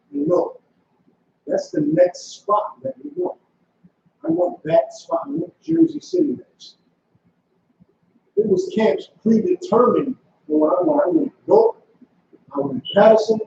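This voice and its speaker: A school leader with an unusually high, gravelly voice preaches commandingly to a class, hammering short demands repeatedly while his pitch swings up and down. He sounds distant in a very echoey room, on a dull lo-fi recording with background noise.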